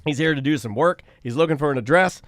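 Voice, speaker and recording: A man co-hosting a podcast, telling crude stories in loud joking casual chat. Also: fairly high pitch, quick pace, dry recording, studio quality. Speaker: podcast co-host.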